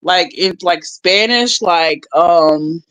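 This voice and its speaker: A woman's voice: fairly low pitch, takes it slowly, fairly bright tone, smooth, no room sound, poor audio. A woman chatting casually on a livestream, rambling and laughing as she reads her viewers' chat aloud.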